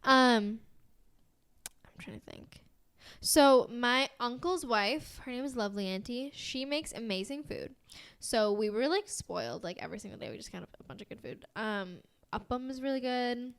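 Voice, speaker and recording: A woman's voice: a little high, lively intonation, normal speed, a bit bright, clear, resonant tone. A young woman with an American accent, co-hosting a podcast in bubbly casual chat, full of "like" and giggles. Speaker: podcast co-host.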